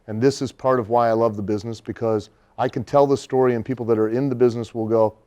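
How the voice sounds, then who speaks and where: A middle-aged man, a wrestler, telling a long anecdote in a casual interview, animated and laughing often. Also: mid-range voice, quick pace.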